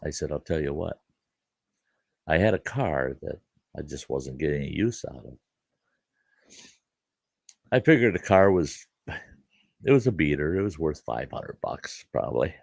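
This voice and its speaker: A man with a deep, gravelly voice tells a story on his livestream in a relaxed, folksy manner. He retells the exchange line by line and keeps coming back to "I said." The sound is dry and close, with no room echo. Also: a little slow, pauses often. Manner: folksy, repeats "I said" while retelling. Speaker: livestream host. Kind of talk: casual storytelling. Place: farm.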